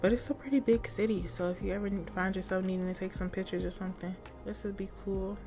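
A young woman giving casual, excitable commentary while exploring a game, chatting to her viewers in slangy, upbeat talk. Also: medium pitch, fast, music in the background. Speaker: gaming YouTuber.

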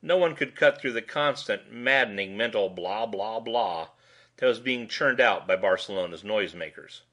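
A man's voice: on the low side, lively intonation, normal speed, pushed and bright. A man reading a short story aloud in a dry, wry first-person narration.

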